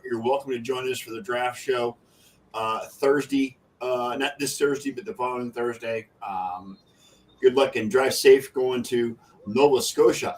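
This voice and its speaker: A man hosting a casual sports talk show, rambling and tripping over his words as he signs off. He sits a little back from the mic. His pitch is mid-range. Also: recorded from a distance. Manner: rambling, self-correcting. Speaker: podcast host.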